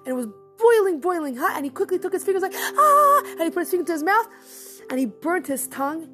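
A woman with a high voice tells a religious story in an animated, expressive way, repeating words for emphasis. Soft music plays faintly under her telling. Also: quick pace.

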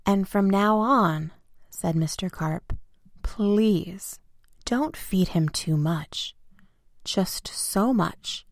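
A woman voicing Mister Carp, a knowing older shopkeeper who gently scolds, in a storybook reading. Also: medium pitch, extremely slow, creaky, no echo, clean studio sound, heavily acted. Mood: gentle. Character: older man, a knowing pet-shop keeper.

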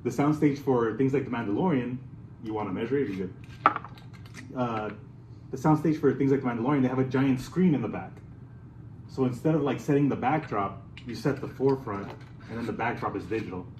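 A man's voice: mid-range voice, brisk, echoey room, background noise. A man hosting a casual podcast chat, laid-back, agreeing a lot and swearing often. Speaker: podcast host.

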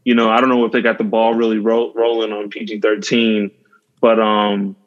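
A man's voice: fairly low pitch, completely flat delivery, moderate pace. A male podcast host chatting casually about a movie, enthusiastic and often laughing, with plenty of fillers. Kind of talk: casual chat. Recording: dull lo-fi recording.

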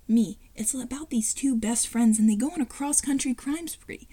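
A woman narrates a fan-written cartoon story at home, breaking off for chatty asides and brushing past her stumbles. Her voice is fairly high yet mellow and soft-toned, picked up on a home computer mic. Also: moderate pace, hardly any pauses, husky. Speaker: fan-fiction reader and narrator. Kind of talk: reading a fan script aloud at home.

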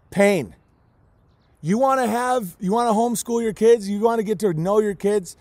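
A man's voice: high voice, moderate pace, darkish tone, dry recording. A man who raises goats and chickens, ranting in an impassioned vlog, emphatic and emotional, hammering the same words again and again, close to tears. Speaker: homesteader raising goats and chickens.

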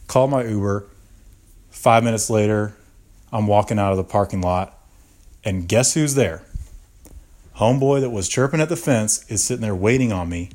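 A young man hosting a podcast, telling a story casually and swearing freely. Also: fairly low pitch. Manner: profane, animated anecdote telling. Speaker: podcast host.

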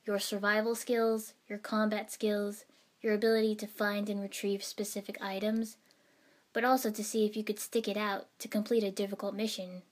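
A woman narrating a story in the first person. She reads in an even, steady manner, moving the tale along between the dialogue. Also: medium pitch, moderate pace.

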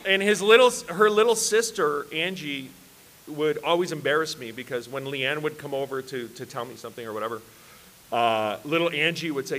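A man's voice: on the high side, normal speed, fairly bright tone, a little hiss or hum. A man preaching at a church worship service, telling self-deprecating, humorous personal stories to a congregation. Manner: self-deprecating, joking storyteller.

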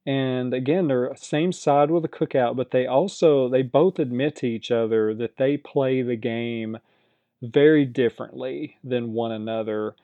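A man's voice: medium pitch, measured pace, dry recording, phone-quality sound. A man recapping a reality competition show in a casual, chatty way, often hedging and repeating himself.

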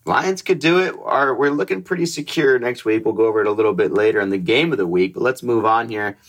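Male podcast co-host, casual sports talk, chuckles a lot, salty language. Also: mid-range voice. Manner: laughs often, swears, quick storytelling asides.

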